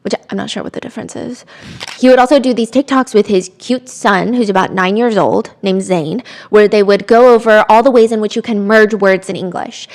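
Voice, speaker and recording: A young woman hosting a podcast, telling a true-crime story with chatty, animated asides and quoted voices. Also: mid-range voice, a little fast. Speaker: podcast host.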